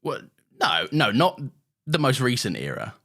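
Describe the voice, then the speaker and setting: A man's voice: mid-range voice, huge pitch swings, creaky, sharp tone. A man co-hosting a podcast in casual chat, laughing often and defending himself in jest. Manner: laughing, mock-defensive, quick to wave things off. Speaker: podcast co-host.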